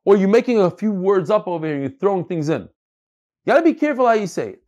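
Male Talmud teacher, lively and swooping delivery, stop-start explaining. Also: high-pitched, very fast, lo-fi sound. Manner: animated, repeats words while searching for phrasing. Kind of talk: Talmud class, reading and explaining.

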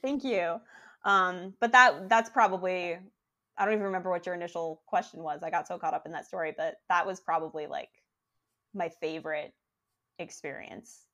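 Chatty young woman, lowish voice. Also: normal speed, muffled recording. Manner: rambling, animated, many likes and restarts. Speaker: podcast guest. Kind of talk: casual storytelling.

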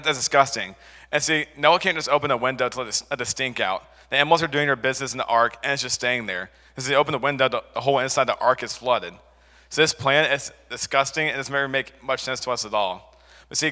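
Guy preaching to a youth group, bright forceful voice, big echoey hall. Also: medium pitch. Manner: chatty, repeats words, reads scripture aloud. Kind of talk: casual Bible teaching to a group. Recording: echoey hall with long reverb.

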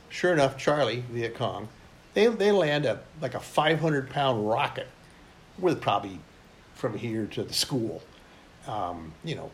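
An older military veteran telling his service stories in an interview, rambling and blunt with frequent restarts. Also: medium pitch. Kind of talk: oral history storytelling.

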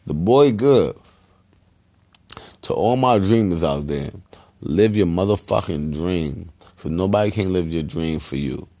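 A man hosting a podcast, giving loose, rambling shout-outs in heavy slang and profanity. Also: low voice, animated, unhurried. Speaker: podcast host.

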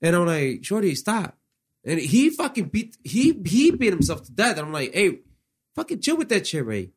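A man tells a story animatedly, his high voice swinging widely as he acts out the quoted lines. He switches between English and Spanish. His tone is slightly husky. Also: wildly swooping pitch, moderate pace. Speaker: band member. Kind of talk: casual storytelling chat.

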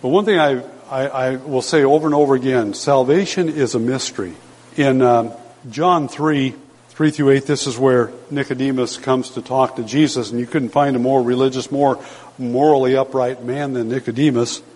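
An older man preaching a sermon as pastor, emphatic, slowing down to stress the scripture he quotes. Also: medium pitch, fairly even intonation, a little mellow. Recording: long hall reverb.

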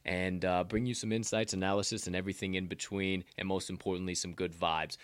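Profane, hyped Southern podcast host. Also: male voice, low voice, steady tone, fairly quick, hardly any pauses, clear, resonant tone, no room sound. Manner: loose, profane, hyped sign-offs. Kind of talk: casual sports betting chat.

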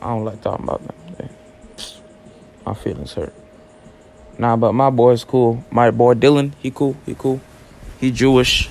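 Brief: late-teens male podcaster, loose joking monologue full of slang, mid-range pitch. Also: a little hiss or hum. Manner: rambling, joking, heavy slang and cussing. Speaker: podcast host. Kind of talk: casual solo podcast monologue.

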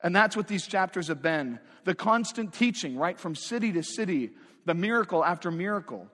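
A man's voice: high voice, animated, moderate pace, a bit bright. A man preaching a sermon as pastor, talking in a conversational but emphatic way and asking the congregation rhetorical questions. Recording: long reverb of a large hall.

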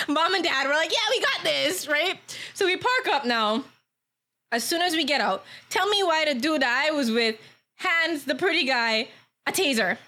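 A young woman telling a story in casual chat, animated and laughing, acting out the voices of the people in it. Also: high voice, moderate pace.

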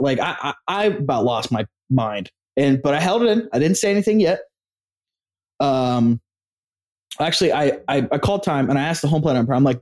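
Man co-hosting a podcast, lively storyteller who acts out quotes, casual and profane. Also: medium pitch, normal speed. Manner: animated storyteller, acts out quotes, swears freely. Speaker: podcast co-host. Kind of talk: casual sports podcast chat.

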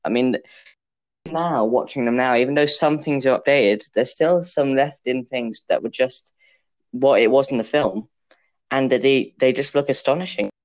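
A man's voice: mid-range voice, normal speed, muffled recording. A young man hosting a casual film podcast, talking in a chatty, enthusiastic, rambling way. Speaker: podcast host.

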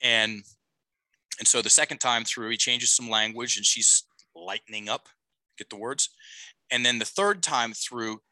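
Man in his forties, very bright voice, dry close sound, rambling coaching story. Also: medium pitch, measured pace, no room sound, low-quality recording. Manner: rambling, self-correcting, frequent "okay?" check-ins. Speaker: life coach guest. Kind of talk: podcast interview storytelling.

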